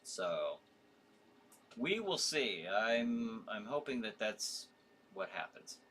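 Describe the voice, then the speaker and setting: A man's voice: lowish voice, sing-song, takes it slowly, a bit bright, a little hiss or hum. A tired man hosting a casual horror livestream, reading viewer comments and rambling with frequent restarts.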